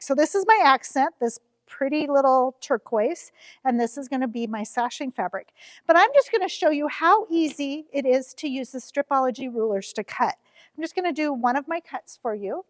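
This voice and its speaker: A woman's voice: sits high, no room sound, studio quality, big-room sound. A woman, demonstrating a quilting ruler at her shop in a friendly, chatty way with frequent fillers. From Nebraska, US. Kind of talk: casual how-to demonstration. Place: quilt shop cutting table.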